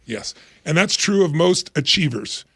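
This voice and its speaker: Energetic man in his 60s, kinda high voice, gravelly, acts out little quotes, dry close mic. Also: unhurried, no room sound. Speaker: guest. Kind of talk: motivational interview talk.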